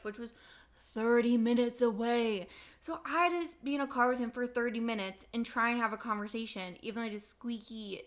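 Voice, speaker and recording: Bright-voiced chatty young woman. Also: on the high side. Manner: chatty, animated storyteller. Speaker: podcast co-host. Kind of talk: casual storytelling chat.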